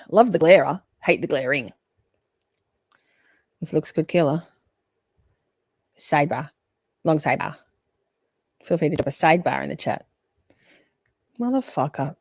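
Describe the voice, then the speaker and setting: A woman's voice: low voice, expressive, a little slow, long pauses, a little mellow, no room sound, studio quality. A woman streaming live reaction commentary on a trial, making crude, profane, joking asides and reading out chat.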